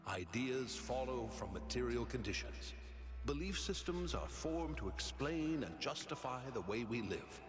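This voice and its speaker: An actor playing a calm, scholarly male robot philosopher who explains ideas in a measured, lecturing way, heard as game audio. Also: medium pitch. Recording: game audio with reverb and music.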